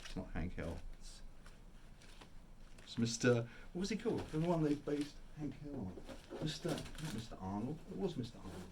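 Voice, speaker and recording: Man, mid-pitch, rambling, enthusiastic record-collector host. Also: very animated, normal speed, a little mellow, slight background noise. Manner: rambling, enthusiastic, self-interrupting. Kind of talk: casual monologue.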